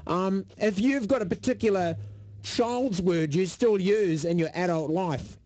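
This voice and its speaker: A man's voice: high-pitched, a little slow, dark tone. A middle-aged man hosting a radio show, joking around and laughing often. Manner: jokey, laughs often, slips into silly voices. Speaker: radio host. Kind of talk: casual radio banter.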